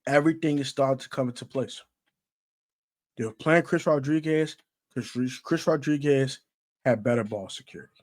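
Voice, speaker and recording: A sports commentator with a mid-range voice goes on a casual football rant at normal speed, full of slang. He's emphatic and repetitive, getting louder as he goes.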